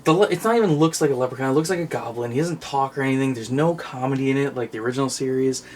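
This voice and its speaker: A man's voice: mid-range voice, very fast, slight background noise. Chatty man acting out bad movie scenes. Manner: animated storyteller, acts out movie scenes in put-on voices. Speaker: co-host of a movie collection channel. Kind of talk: casual chat.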